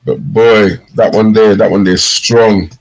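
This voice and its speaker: A man's voice: on the low side, fairly even intonation, a little slow, rough recording. A man co-hosting a podcast in casual chat, telling stories animatedly and mimicking slang phrases. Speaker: podcast co-host.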